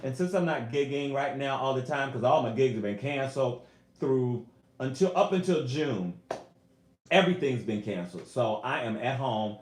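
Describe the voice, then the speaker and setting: At normal speed and medium pitch, this man talks to his viewers on a home live stream with a roomy sound. A singer and YouTuber, he's emotional, earnest and animated, and he calls them "y'all."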